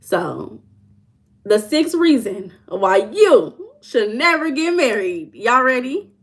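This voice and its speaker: A woman's voice: on the high side, very animated. Playful Southern woman livestreaming. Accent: Southern US dialect. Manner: playful, teasing, drawls and slows for emphasis. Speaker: life coach livestream host. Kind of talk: casual livestream chat reading comments.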